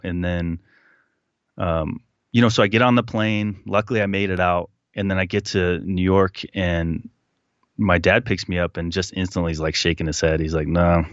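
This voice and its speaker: A man guest telling a personal story in a casual, animated way, acting out what people said. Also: low voice, dry recording, dull audio. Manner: animated retelling, acting out quotes. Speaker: podcast guest.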